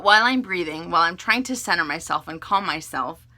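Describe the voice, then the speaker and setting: A woman telling an embarrassing story in a casual vlog, chatty and animated, laughing often and restarting her sentences. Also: lowish voice, fairly quick. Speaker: beauty vlogger telling a story.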